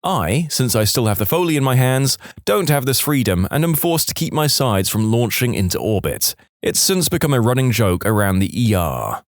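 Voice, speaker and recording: A man narrating submitted stories aloud for a podcast, with an expressive delivery. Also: medium pitch, moderate pace, hardly any pauses, no echo, clean studio sound. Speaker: story narrator.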